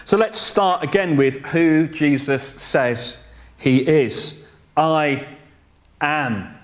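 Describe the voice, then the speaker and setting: A man preaching a sermon in a slow, deliberate way, pausing to correct himself and adding a light joke now and then. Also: fairly high pitch, a bit bright.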